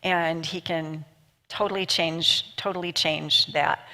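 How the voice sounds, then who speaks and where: A woman's voice: sits low, fairly even intonation, takes it slowly, pushed and bright. A woman hosting a church talk show, encouraging and preacherly as she asks guests questions. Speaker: host.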